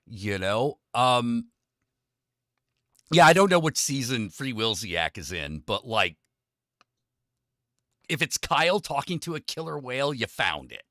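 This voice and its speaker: Lively, bright-toned man chatting. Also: mid-range voice, measured pace, pauses often, dry recording, clean studio sound. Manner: lively, chatty, lots of "you know" and "um". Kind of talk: casual podcast chat.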